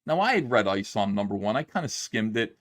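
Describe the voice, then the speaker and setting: Rambling, animated man, lowish voice. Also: a little fast. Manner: rambling, animated retelling with acted-out quotes. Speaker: comic book creator streaming commentary. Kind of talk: casual livestream monologue.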